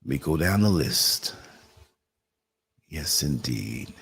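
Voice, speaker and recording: A man's voice: a bass voice, lively intonation, takes it slowly, vocal fry, fairly bright tone, slightly rough. A man with a New York accent hosting a live online talk show, chatting casually and laughing often while he works the computer.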